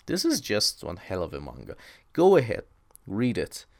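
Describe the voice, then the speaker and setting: A man's voice: lowish voice, huge pitch swings, moderate pace, gravelly, no room sound. A young man hosting a casual solo podcast, talking with enthusiasm and rambling, repeating words for emphasis. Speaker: podcast host.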